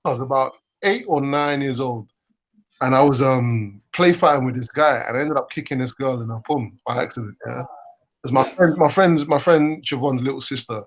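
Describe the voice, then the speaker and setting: A man's voice: mid-range voice, moderate pace, poor audio. A man telling a childhood story in casual slang, with many fillers. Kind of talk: casual chat.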